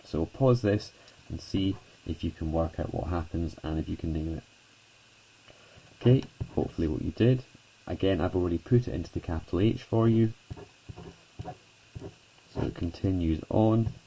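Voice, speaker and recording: A man's voice: low-pitched, moderate pace, gravelly, pauses often, mellow, breathy edge, poor audio. A man teaching a chemistry lesson at a whiteboard, chatty and self-deprecating, talking students through each step.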